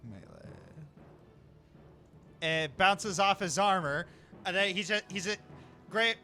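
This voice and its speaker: A man's voice: sits high, takes it slowly, bright, forceful tone, faint music behind. A man narrating as game master of a tabletop game, playful and chuckling, on a desk mic.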